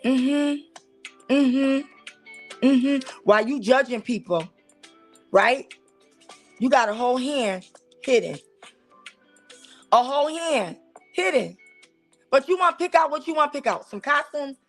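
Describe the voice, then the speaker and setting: A high-pitched woman with a Southern US accent hosts her own talk show, lively and preachy with a teasing edge as she speaks directly to viewers. Faint music plays underneath her voice. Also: a little slow, long pauses. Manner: animated, preachy and teasing, talks straight to viewers. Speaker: host. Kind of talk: casual commentary on church life.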